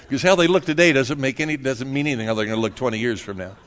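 A man's voice: mid-range voice, quick pace, fairly bright tone. A middle-aged male pastor giving a casual, joking sermon, laughing often and tagging "man" onto his sentences.

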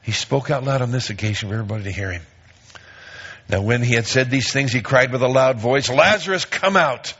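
A man of medium pitch preaching a sermon with lively emphasis, reading scripture and driving his points home. His voice is husky. The recording sounds dull and lo-fi. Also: fast talker. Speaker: pastor.

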